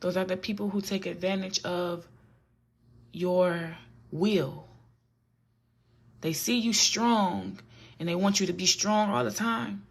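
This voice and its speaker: A woman's voice: fairly low pitch, takes it slowly, pauses often, slightly rough. A woman vlogger giving a casual, earnest faith talk that often repeats her points and turns preachy.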